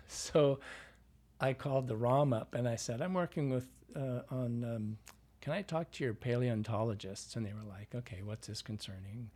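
A man's voice: mid-range voice, normal speed, a little mellow, slightly rough. A man from Iowa with a Midwestern American accent, a dialect coach telling anecdotes in an interview and acting out the voices he quotes. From Iowa, USA. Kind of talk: storytelling interview.

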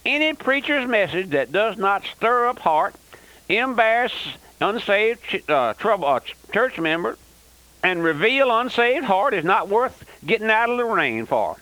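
Fiery old radio preacher. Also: male voice, high-pitched, big pitch swings, a little slow, pushed and bright, rough recording. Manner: fiery, emphatic, repeats "that's right". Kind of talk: radio sermon.

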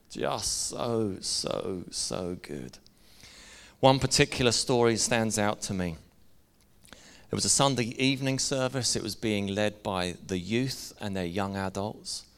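A man's voice: lowish voice, fairly bright tone. A middle-aged man, preaching a sermon in an earnest, conversational way and sharing personal stories. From Northern Ireland. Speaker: pastor.

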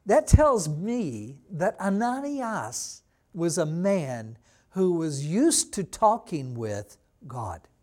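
A man preaching a sermon as pastor, teaching slowly and acting out quoted lines with dramatic emphasis. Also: high-pitched, darkish tone. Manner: slow, deliberate teaching with dramatic voiced quotes. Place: church.

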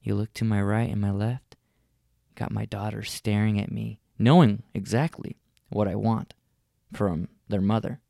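A man's voice: fairly low pitch, fairly even intonation, a little slow, gravelly, mellow, no room sound, clean studio sound. A man in his thirties ranting in a comic monologue, rambling and profane, with exaggerated complaining. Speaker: comedian.

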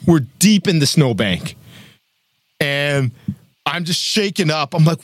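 A young man telling a story in casual chat, animated and acting out quotes, with frequent laughs. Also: fairly high pitch, moderate pace, long pauses, dry recording, studio quality. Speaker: podcast co-host telling a story.

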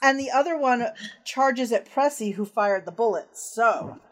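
A woman's voice: on the high side, animated, a little slow. A woman narrating as game master of a tabletop horror game, casual and descriptive, with frequent fillers.

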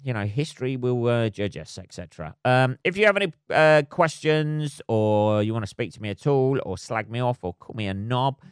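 A man's voice: mid-range voice, lively intonation, moderate pace, hardly any pauses, clean tone, no echo, studio quality. A man hosting a solo podcast, rambling, swearing and laughing at his own jokes. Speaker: podcast host.

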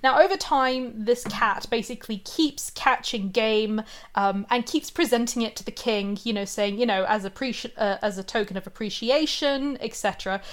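Woman telling an old fairy tale, kinda high voice, chatty and giggly, lots of ums. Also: moderate pace. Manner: chatty, giggly, many fillers and asides. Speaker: podcast co-host retelling a fairy tale. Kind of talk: casual chat, storytelling.

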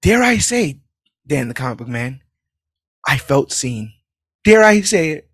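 A man recapping a movie in casual podcast chat, animated and laughing as he acts out lines. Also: a little high, a little slow, slightly rough, no echo, studio quality. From New York City. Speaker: podcast co-host.

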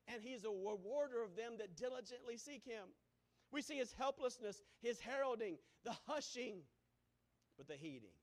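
A man preaching a fiery sermon in a church, his voice sitting unusually high for a man. He surges into shouted peaks, then drops to near-whispered lines. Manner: impassioned, swings from shouting to hushed.

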